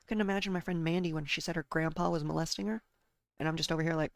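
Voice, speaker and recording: Gravelly, low-voiced woman, blunt and sarcastic. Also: fast talker, dry recording. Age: adult, married. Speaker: gaming streamer. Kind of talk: casual venting while streaming a game.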